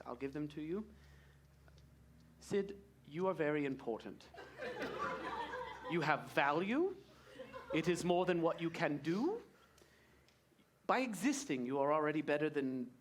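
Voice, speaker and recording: A man voicing a gentle woman reassuring a child in a tabletop game, speaking softly. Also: on the high side, a little hiss or hum.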